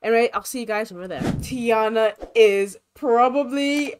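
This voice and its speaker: Chatty bubbly woman doing game commentary, kinda high voice, says like a lot. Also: normal speed, background noise. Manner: bubbly, lots of fillers like "like". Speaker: gaming channel host.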